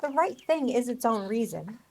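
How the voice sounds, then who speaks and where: A woman voicing a lonely, kind-hearted farm wife in a radio play, earnest and gentle. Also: a little high, big pitch swings, normal speed, slight background noise. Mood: caring. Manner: earnest, gentle, easily flustered.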